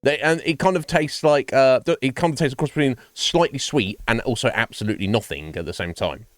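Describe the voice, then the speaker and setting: A man's voice: medium pitch, brisk, no room sound. A man chatting casually with his stream viewers, rambling, swearing and laughing often.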